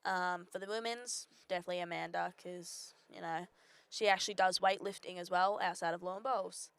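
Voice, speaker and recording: A young Australian woman answers interview questions, pausing often on ums. Her voice is smooth and fairly low, and it sounds dry and close, with no room around it. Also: fairly even intonation, no room sound. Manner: hesitant, with frequent ums. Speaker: bowls player being interviewed.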